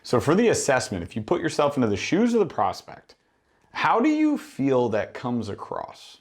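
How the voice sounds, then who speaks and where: A man mentors gym owners in an instructional monologue, speaking emphatically with plenty of rhetorical questions and acted-out exchanges. His medium-pitched voice swings hugely in pitch at a moderate pace.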